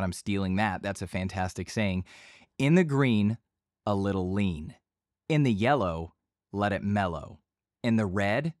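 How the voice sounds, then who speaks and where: Man, lowish voice, voice-over teacher, chatty and loose, dead-dry home booth. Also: dry recording. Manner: relaxed, talkative, repeats himself with fillers. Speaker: voice-over instructor. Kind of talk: casual tutorial explanation. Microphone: studio microphone.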